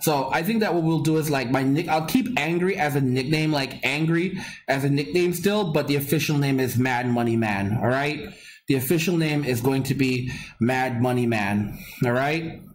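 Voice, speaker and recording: A man's voice: mid-range voice, moderate pace, a little hiss or hum. A man hosting a casual live stream, rambling and repeating himself as he chats with viewers and reads their comments. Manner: rambling and repetitive, with frequent restarts and laughs. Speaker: livestream host.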